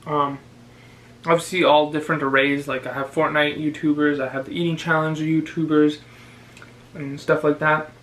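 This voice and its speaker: Young guy vlogging while he eats, slightly high voice, faint hum behind. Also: low-quality recording. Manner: relaxed, chatty, with pauses to chew. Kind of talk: casual chat while eating.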